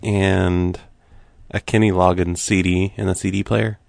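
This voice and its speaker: A man making prank phone calls, keeping an innocent, deadpan tone while needling the people he calls. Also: sits low, a little slow, vocal fry, dry recording. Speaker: prank caller.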